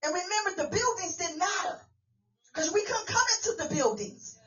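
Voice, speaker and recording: A woman apostle giving an informal, animated sermon, often asking the congregation "what?" to finish her lines. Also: very high voice, normal speed, recorded from a distance, muffled recording. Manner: call-and-response questions, animated storytelling. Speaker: apostle preaching.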